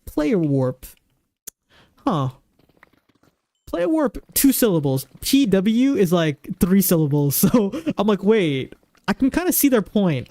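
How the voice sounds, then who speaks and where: Male streamer, pitched high with a warm tone, chatty and rambling as he answers his viewers. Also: dry recording. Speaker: game streamer. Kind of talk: casual live-stream chat. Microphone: desk microphone.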